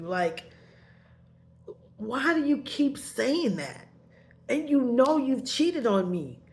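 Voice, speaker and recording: A woman's voice: high voice, sing-song, slow pace, pauses often. A woman telling a painful personal story in a rambling way, heated at first and then subdued, sometimes tearful.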